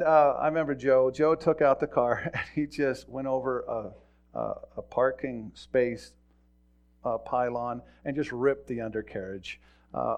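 A middle-aged man, a pastor, giving a folksy sermon full of stories, often repeating words and chuckling as he tells them. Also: medium pitch. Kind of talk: sermon with storytelling.

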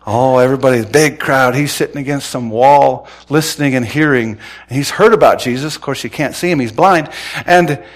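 Man, preacher, folksy sermon storytelling, drops to a hush then shouts. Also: medium pitch, normal speed. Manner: animated storytelling, swinging from hushed to shouting; folksy, conversational asides. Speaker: pastor.

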